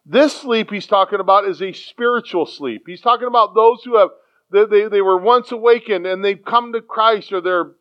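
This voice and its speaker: A man preaching a sermon in an animated way, acting out quoted voices and often repeating his words. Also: high voice, normal speed, clean tone. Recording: dull lo-fi sound.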